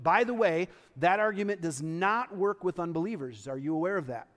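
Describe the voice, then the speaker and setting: A male pastor preaching a sermon in a conversational, emphatic way, with quick asides to the congregation. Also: high-pitched, lively intonation, fairly bright tone, long reverb tail.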